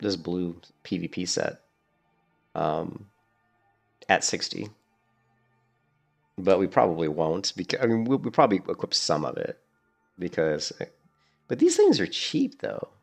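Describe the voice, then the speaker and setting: A man with a deep, gravelly voice rambles through casual game commentary, restarting his sentences as he goes. Soft music plays in the background. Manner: rambling, chatty, restarts a lot. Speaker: gaming streamer.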